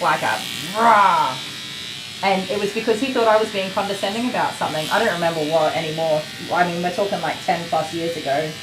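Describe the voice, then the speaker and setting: A woman's voice: on the low side, background noise. An Australian woman in her thirties, a dog groomer chatting casually and rambling with frequent laughs while she works. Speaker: dog groomer streaming live. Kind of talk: casual chat while working. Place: grooming salon. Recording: echoey room with loud clipper buzz.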